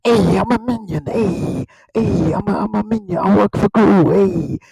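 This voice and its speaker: A man voicing an excitable little yellow cartoon henchman creature, chirpy and repetitive. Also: sits high, a little slow, vocal fry, crowd noise, voice pushed up, rough recording.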